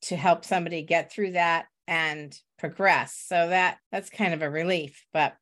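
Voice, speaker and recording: A woman hosting a podcast interview, responsive and expressive, laughing easily. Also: fairly low pitch, moderate pace. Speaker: podcast host. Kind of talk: interview conversation.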